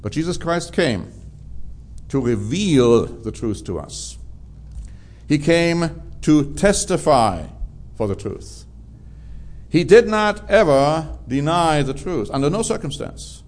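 A man's voice: a little high, sing-song, slow, darkish tone. A man preaching a sermon, drawing out key words for emphasis.

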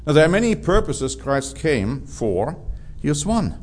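A man's voice: on the high side, big pitch swings, measured pace, darkish tone. A man preaching a sermon, drawing out key words for emphasis.

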